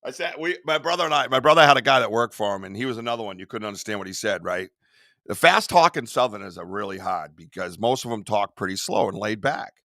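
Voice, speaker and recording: Bright, dry-voiced man swearing and laughing. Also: fairly low pitch, expressive, fast talker, no echo. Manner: loud, laughs a lot, swears freely. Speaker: podcast host. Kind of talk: casual podcast banter.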